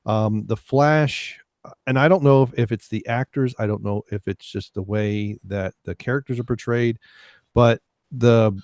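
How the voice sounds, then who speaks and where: A man's voice: medium pitch, moderate pace, darkish tone, no room sound. A man talking casually as a podcast host, drifting through thoughts with frequent ums and self-corrections. The sound is dry and close, with no room around it. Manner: rambling, many fillers and restarts, laughs often. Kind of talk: casual chat.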